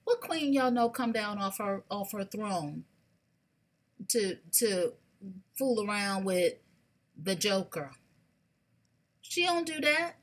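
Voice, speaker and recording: A woman, hosting a casual live shopping stream, sassy and animated, talking straight to her viewers. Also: medium pitch, slow pace, long pauses. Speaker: livestream shopping host.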